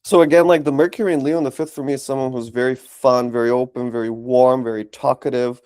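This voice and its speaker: A man calmly explaining an astrology chart in a casual consultation. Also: medium pitch, quick pace, no echo. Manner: calm, explanatory, lists things in runs. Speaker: astrologer host.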